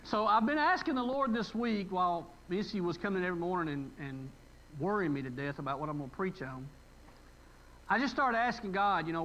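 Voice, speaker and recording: A middle-aged pastor from West Tennessee delivers a conversational sermon in a church sanctuary, speaking to the congregation in a folksy, emotional way with sudden louder bursts of emphasis. His voice is high-pitched, bright and animated at a moderate pace. The audio is poor, with a faint room hum behind him.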